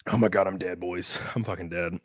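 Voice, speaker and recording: A man with a deep voice hosts a casual livestream at a fairly quick clip, reading super chats and ranting. He's animated and swears a lot, mocking his critics in put-on voices. There's no room sound.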